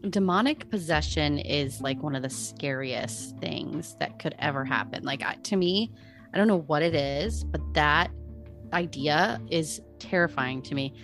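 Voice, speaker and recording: Female podcast co-host, deep voice, casual skeptic, quiet music bed. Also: unhurried. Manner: skeptical, hedging with "who knows" and "you know". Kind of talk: casual chat about hauntings.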